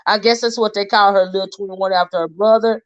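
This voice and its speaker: A woman's voice: medium pitch, fairly even intonation. A woman hosting a casual livestream commentary, talking straight to her viewers. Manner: chatty, talks straight to viewers, halting restarts while reading posts aloud. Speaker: livestream host. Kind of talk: casual commentary on a crime case. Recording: slightly dull lo-fi stream audio.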